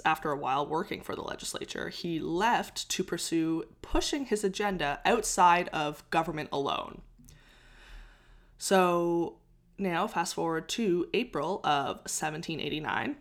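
A young woman in casual conversation, telling a history story with frequent laughs and restarts. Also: fairly low pitch. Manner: chatty, laughs often, trails off and restarts. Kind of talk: casual chat.

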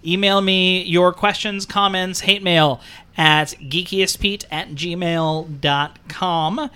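A man co-hosts a casual podcast in a bright, sharp voice and an unhurried pace. He jokes easily and makes fun of himself. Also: high-pitched, fairly even intonation, clean tone. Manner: joking, self-mocking. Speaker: podcast co-host.

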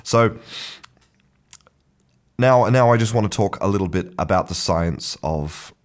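A man teaching English in a relaxed, unscripted way, often restarting his sentences and chuckling. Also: low voice, unhurried. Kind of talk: casual talking-head lesson.

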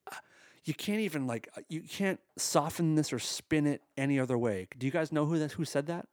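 A man's voice: on the high side, brisk, darkish tone, no echo, studio quality. Exasperated, profane male podcast host. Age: adult, married. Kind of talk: casual podcast monologue.

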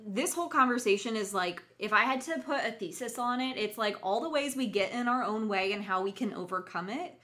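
Bright-voiced woman podcast co-host. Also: a little high, expressive, fairly quick, hardly any pauses. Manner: candid and reflective, with playful swearing. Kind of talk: casual conversational podcast chat.

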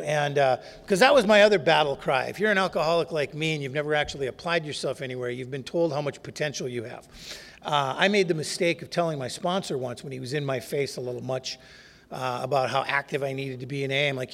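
A man's voice: a little high, fast talker, gravelly. Wry man telling his story in a hall. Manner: wry, self-mocking, candid. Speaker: speaker sharing his recovery story. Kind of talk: humorous personal storytelling talk. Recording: long reverb of a hall.

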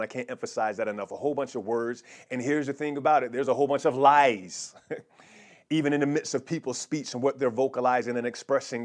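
A man preaches a teaching sermon in a voice of middle pitch. He speaks haltingly, full of fillers and restarted words, and he has the listeners repeat declarations back to him. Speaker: pastor.

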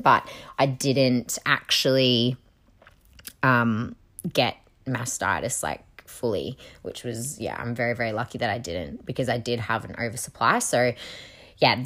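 Young woman, low voice, candid confessional vlogger, filler-heavy. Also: a bit bright. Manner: frank and emotional, heavy use of "like". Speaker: new mother. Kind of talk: candid personal storytelling.

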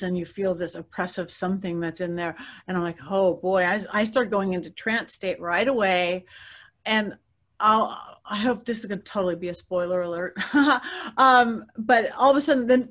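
A middle-aged woman, a guest psychic, telling stories in an interview in a lively way, laughing often and acting out the voices of others. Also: medium pitch. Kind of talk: animated storytelling interview.

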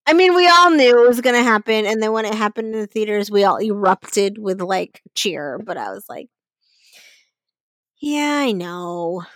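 A woman's voice: mid-range voice, expressive, fairly quick, few pauses, a bit bright, no room sound. A woman co-hosting a podcast in casual chat, swearing freely and laughing as she talks. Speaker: podcast co-host.

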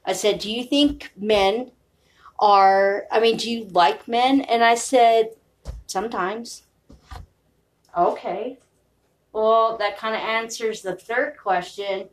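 A woman's voice: a little high, slow pace, distant mic, rough recording. A woman podcaster in a rambling, profane, confessional monologue.

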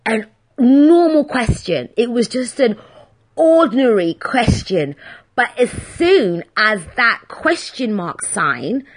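A woman hosting a solo podcast, chatting in a rambling, self-deprecating way. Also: medium pitch. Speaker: podcast host. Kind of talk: casual solo podcast chat.

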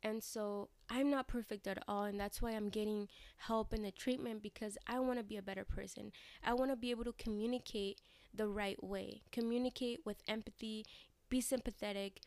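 A woman's voice: a little high, darkish tone, no room sound. A young adult woman talking candidly in a personal vlog, rambling with fillers and restarts and swearing casually. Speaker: vlogger.

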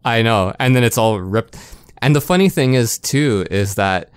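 A man co-hosting a podcast in casual chat, emphatic and quick to swear. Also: mid-range voice, expressive, clean tone, no echo, clean studio sound. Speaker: podcast co-host.

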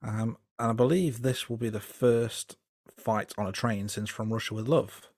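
A man co-hosting a casual film review podcast, relaxed and hesitant, with plenty of fillers and restarts. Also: fairly low pitch, normal speed, no room sound, clean studio sound. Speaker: podcast co-host.

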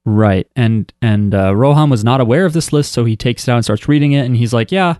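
A man chats loosely on a podcast, wandering through his thoughts with plenty of fillers. His voice sits at an ordinary middle pitch. The recording is dry and close. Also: fairly quick, dark tone, clean tone, dry recording. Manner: rambling and chatty, with many "um" and "like" fillers. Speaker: podcast co-host. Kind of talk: casual chat.

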